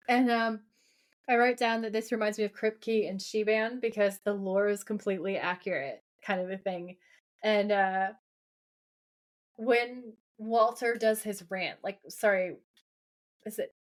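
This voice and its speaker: On a podcast she co-hosts, a woman retells a TV episode in casual chat, quoting the characters and swearing a lot. Her mid-range voice stays steady in tone and unhurried.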